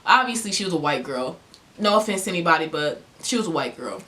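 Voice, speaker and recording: A young woman vlogger telling a story-time tale in a heated, animated way, full of "like" fillers. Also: medium pitch, fast talker. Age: young adult.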